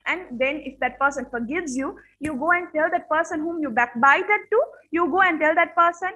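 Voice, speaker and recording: A woman's voice: high voice, normal speed, few pauses, sharp tone, poor audio. A woman teacher giving a classroom lesson on manners, speaking earnestly, repeating her points and checking in with her students.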